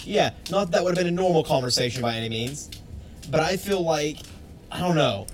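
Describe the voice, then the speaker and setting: A man's voice: a little high, lively intonation, a little fast, a little hiss or hum. A man co-hosting a casual podcast, wry and conversational, often trailing off and restarting. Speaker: podcast co-host.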